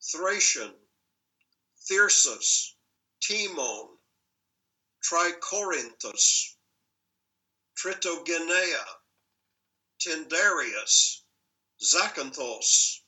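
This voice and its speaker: A man reading through a list of names and talking through how each should sound, deliberate and musing, correcting himself as he goes. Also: on the high side, bright, forceful tone, rough recording. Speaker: teacher reading a pronunciation list. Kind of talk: slow pronunciation walkthrough.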